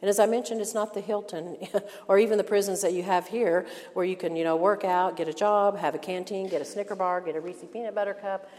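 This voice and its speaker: An older woman teaching a women's Bible study in an earnest, emphatic sermon style, slowing down to stress key phrases. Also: mid-range voice, steady tone, a little mellow. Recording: long hall reverb.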